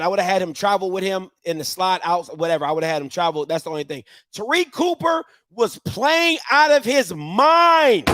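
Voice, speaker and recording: A man hosting a casual sports show, talking in an animated, slangy way and dropping into low mutters between bursts of hype. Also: no echo.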